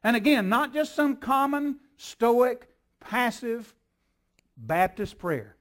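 High-voiced, emphatic older preacher. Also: male voice, lively intonation, takes it slowly. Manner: emphatic, repetitive preaching cadence. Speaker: pastor. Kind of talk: sermon.

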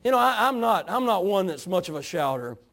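A man preaching with fervent emphasis in a notably high voice. He repeats words for effect and drives phrases hard, sweeping between quiet asides and loud declarations. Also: very animated, a little fast. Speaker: pastor. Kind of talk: sermon.

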